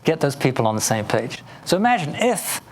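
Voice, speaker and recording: Lively English man giving a keynote. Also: on the high side, brisk, slight background noise. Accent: English, Oxford area. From England. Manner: storytelling, playful, addressing the audience. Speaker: keynote speaker. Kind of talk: motivational keynote talk.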